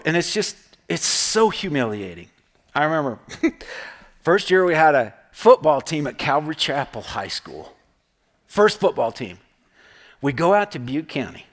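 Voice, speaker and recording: High-voiced pastor preaching conversationally. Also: male voice, big pitch swings, unhurried, pauses often, a bit bright. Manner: conversational storytelling with frequent "right?" asides. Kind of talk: sermon.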